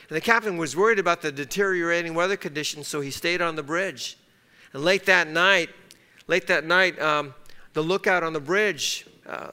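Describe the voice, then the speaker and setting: A man's voice: a little high, sharp tone, clean tone. A man preaching a sermon as pastor, emphatic and fond of repeating key phrases.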